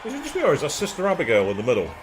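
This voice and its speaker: A man's voice: on the high side, huge pitch swings, rapid-fire, a crowd in the background. Chatty man laughing on a gaming stream. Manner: chatty, laughs, swears casually. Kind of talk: casual chat while gaming.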